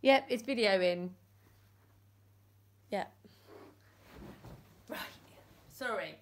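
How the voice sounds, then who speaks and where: Slow, higher-voiced teacher reading aloud in a roomy room. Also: female voice, recorded from a distance. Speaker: class teacher. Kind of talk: storybook read-aloud. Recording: roomy echo.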